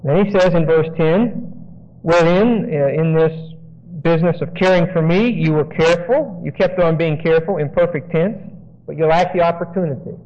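High-voiced man teaching Bible verses. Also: moderate pace. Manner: explains Greek grammar, digressive, frequent "okay?". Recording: dull lo-fi sound.

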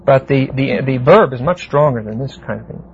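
A man's voice: mid-range voice, a little hiss or hum. Man teaching a Bible class on muffled tape. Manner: deliberate, explanatory, asks the class "see?".

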